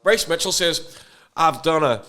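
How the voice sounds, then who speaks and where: A man's voice: fairly high pitch, lively intonation, a little slow, sharp tone. A man, co-hosting a podcast, blunt and heckling, swearing heavily. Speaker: podcast co-host. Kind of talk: casual podcast banter.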